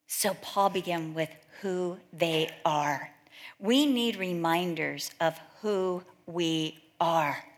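A middle-aged woman speaking at a church gathering gives a sermon built on personal stories, delivered conversationally as she acts out quoted voices. Her voice is fairly low and her pace slow.

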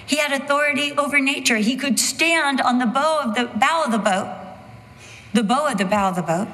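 A woman preaching a sermon slowly and emphatically, with dramatic pauses. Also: high-pitched, fairly bright tone, big-room sound, rough recording.

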